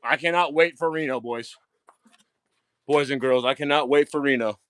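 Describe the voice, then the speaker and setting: A man giving a casual live-stream tour of his diecast collection, excitable, swearing freely and repeating himself. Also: mid-range voice, normal speed, smooth, dry recording. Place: home storage rooms and outdoors at night.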